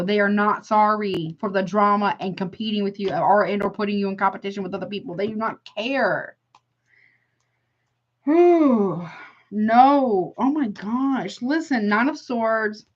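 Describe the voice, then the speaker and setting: This casual to-camera tarot reading features a woman with an everyday middle-pitched voice who is blunt and exclaiming. She frequently cuts in with a flat "no" and calls the listener honey, all captured on slightly dull, lo-fi audio.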